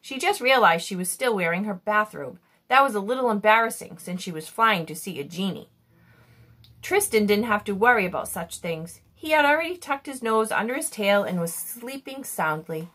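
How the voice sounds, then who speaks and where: A woman reading a children's chapter book aloud in an expressive storytelling manner. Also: medium pitch. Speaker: reader.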